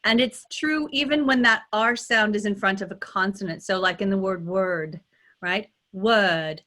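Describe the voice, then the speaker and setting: A woman with a Californian accent, teaching as a dialect coach and demonstrating sounds in a lively way, often checking in with "right?". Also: mid-range voice, normal speed. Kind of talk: teaching pronunciation in a workshop.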